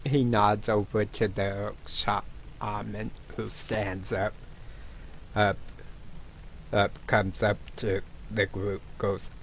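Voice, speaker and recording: Male game master, slow, halting narration, average pitch. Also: little pitch movement, slight background noise, rough recording.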